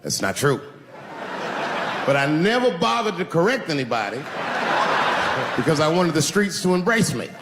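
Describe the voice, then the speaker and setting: Stand-up comic in his forties, lively. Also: fairly high pitch, moderate pace, pauses often. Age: 40s. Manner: storytelling with acted-out dialogue, drawling and swearing. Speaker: stand-up comedian. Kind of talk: stand-up comedy set. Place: large arena stage. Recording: live stage mic, hall reverb, crowd noise. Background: crowd laughter.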